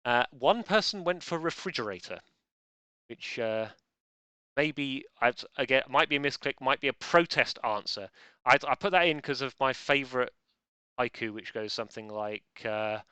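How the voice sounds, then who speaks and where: Bright, clear-voiced playful quiz host man. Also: medium pitch, normal speed, dry recording. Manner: playful, chatty, self-interrupting asides. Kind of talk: casual live quiz hosting.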